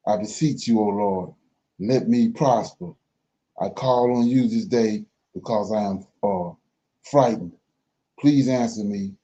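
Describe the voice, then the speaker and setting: A man reading scripture aloud for a Bible study, slow and careful, pausing and correcting himself as he goes. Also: on the low side, warm tone, lo-fi sound.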